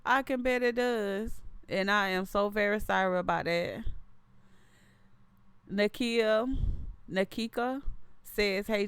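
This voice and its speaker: A woman's voice: medium pitch, clear, resonant tone, dry recording. A woman in her thirties hosting a casual livestream, chatting loosely and reading viewer comments aloud, often repeating and restarting her phrases. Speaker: livestream host.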